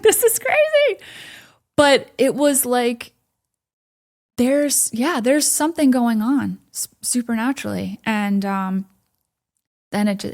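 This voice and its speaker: A woman recounting her experience at church, animated, full of "like" fillers, dropping to a whisper when quoting her own thoughts. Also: mid-range voice. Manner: frequent "like" fillers, laughs often. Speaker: podcast guest. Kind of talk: personal testimony in conversation.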